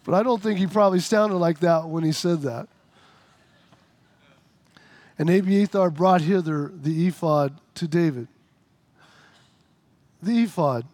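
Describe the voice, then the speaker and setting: A middle-aged man preaching a sermon as pastor, animated and rising to shouts. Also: fairly high pitch, normal speed, no room sound.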